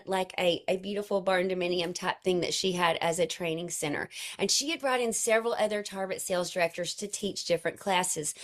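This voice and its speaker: A woman telling an emotional personal story to her sales team in an earnest way. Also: mid-range voice. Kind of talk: personal storytelling to an online group.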